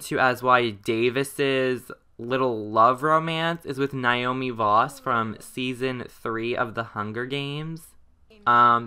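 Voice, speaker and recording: A man's voice: medium pitch, pushed and bright, smooth. A man hosting a let's play, giving exasperated, sarcastic running commentary as he plays. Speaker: gaming channel host.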